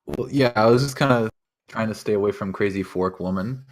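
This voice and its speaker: A man's voice: lowish voice, a little fast. A man casually playing a tabletop game character, a bit hesitant. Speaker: player.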